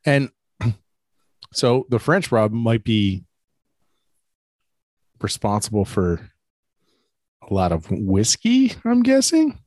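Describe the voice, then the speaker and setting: A man co-hosting a casual podcast chat, playful and quick to joke. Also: lowish voice, no echo. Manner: playful, jokey, lively. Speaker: podcast co-host.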